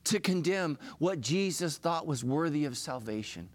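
A middle-aged man delivers a sermon as pastor, his voice sitting somewhat high for a man. He speaks frankly and pokes fun at himself, then rises into fervent preaching. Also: animated, moderate pace. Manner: confessional and self-deprecating, building to impassioned preaching.

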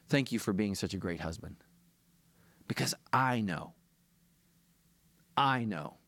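A man's voice: fairly low pitch, fairly bright tone, dry recording. A middle-aged man, a pastor, preaching a sermon in a confessional, self-deprecating way that builds to impassioned preaching.

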